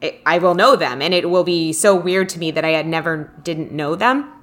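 Young woman, casual podcast co-host, chatty rambling storyteller, lowish bright voice. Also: normal speed. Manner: chatty storyteller, many likes and restarts. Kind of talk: casual chat.

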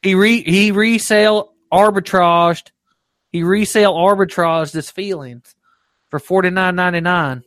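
A man hosts a casual live show with his friends. His voice sits somewhat high and sounds dry and close to the mic. He teases the others and plays at being offended, laughing a lot. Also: a little slow, a bit bright, no room sound. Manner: teasing, mock-offended, laughs often. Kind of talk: casual joking chat.

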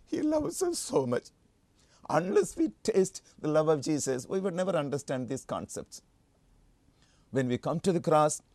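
A man preaching a sermon with emphatic delivery, leaping to high fervent peaks and repeating his key phrases. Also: vocal fry, darkish tone, no echo.

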